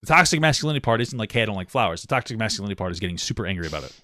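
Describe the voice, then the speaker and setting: A man's voice: lowish voice, very fast, no echo, studio quality. A man in his thirties co-hosting a casual podcast chat, blunt and profane, often laughing at himself. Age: 30s. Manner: blunt and profane, self-deprecating, animated swings in loudness. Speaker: podcast co-host.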